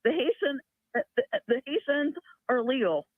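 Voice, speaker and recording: A woman's voice: high-pitched, lively intonation, normal speed, dry recording, narrow, tinny audio. A woman speaking as a guest on a livestream panel, insistent and repetitive. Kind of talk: casual panel chat.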